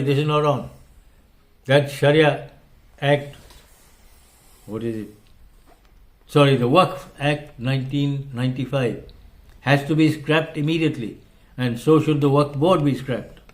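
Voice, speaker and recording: An older man speaks at a medium pitch. He hosts a commentary show and talks in an emphatic, impassioned way. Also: a little slow, long pauses. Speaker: host. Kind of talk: opinion commentary monologue.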